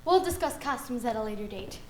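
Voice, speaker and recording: A woman's voice: on the high side, lively intonation, fairly quick, a little mellow, close to an everyday voice. A woman playing a fussy, theatrical female drama teacher who coaxes her students and calls them dear, in a student film. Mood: theatrical coaching. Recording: roomy echo.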